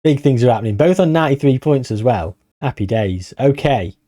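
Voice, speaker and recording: A man commentating casually on his own video game session, chatty and wry, tired and thinking out loud. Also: mid-range voice, expressive, fairly quick, dry recording, clean studio sound. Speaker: gaming YouTuber.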